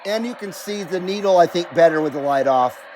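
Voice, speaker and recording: High-voiced American man chatting on a livestream. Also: expressive, fairly quick, darkish tone, slight background noise. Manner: chatty, reads viewer comments aloud, swears casually. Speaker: CB radio livestream host. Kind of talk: casual livestream chat. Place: home radio room.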